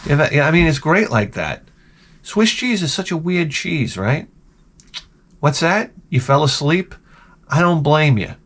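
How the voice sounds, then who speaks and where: A man hosting his channel, telling comedic stories in an animated, profane, exaggerated way. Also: on the high side, a little slow, long pauses, a little hiss or hum. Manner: animated, profane, exaggerated, jumps into quoted voices. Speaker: channel host. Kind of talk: casual comedic storytelling rant.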